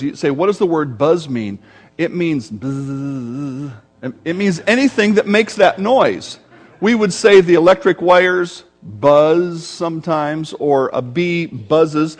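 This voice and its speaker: A man with a high, light voice delivers a sermon from the pulpit. He teaches verse by verse, his pace and volume swinging between urgent and drawn-out. At times he sinks into a low, growling grumble to illustrate a word. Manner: expository preaching with sudden shifts in volume and pace. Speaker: pastor.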